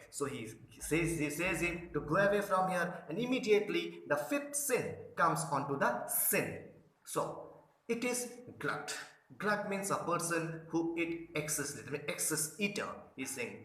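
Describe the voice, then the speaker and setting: High-voiced man lecturing in echoey room. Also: lively intonation, normal speed, a bit bright. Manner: repetitive, paraphrases each line, restarts often. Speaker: literature lecturer. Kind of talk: explaining a play line by line.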